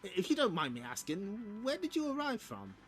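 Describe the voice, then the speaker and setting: A man voicing an easygoing middle-aged frontier sheriff in a comic read-aloud, with a slow folksy drawl. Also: high voice, wildly swooping pitch, soft background music, pitched above the performer's own voice.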